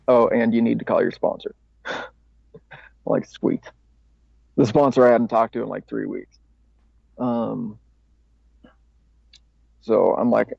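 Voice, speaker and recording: Gravelly man telling his story. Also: mid-range voice, takes it slowly, pauses often, no echo. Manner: rambling, casual, swears, laughs at himself. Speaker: podcast guest. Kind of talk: candid personal recovery story. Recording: dry, slightly dull podcast audio.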